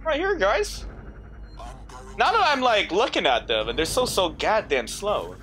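A gaming YouTuber doing let's play commentary, yelling, shrieking and swearing at scares and taunting the enemies on screen, with game music behind. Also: mid-range voice, big pitch swings, measured pace, a little hiss or hum.

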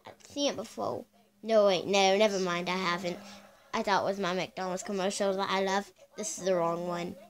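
A woman's voice: medium pitch, steady tone, moderate pace. A woman giving casual reaction commentary as a vlogger, chatty and exclaiming, often calling out to her viewers. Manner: chatty, exclaiming, keeps addressing viewers as "you guys".

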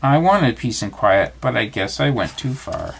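A man's voice: medium pitch, big pitch swings, normal speed, creaky, a little hiss or hum. A man voicing a fussy, fretful male rabbit who sputters and exclaims in a raised voice. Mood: sheepish.

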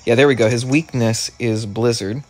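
Excitable stammering man playing a game. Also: medium pitch, normal speed, soft background music. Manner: excitable, stammering, swears often. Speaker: gaming video creator. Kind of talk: let's play commentary.

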